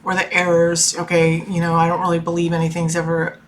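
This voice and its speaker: A woman's voice: lowish voice, completely flat delivery, a little fast, slight background noise. A woman in her forties talking about her family in a personal vlog, emotional and rambling, full of fillers and restarts. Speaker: tarot reader and life coach.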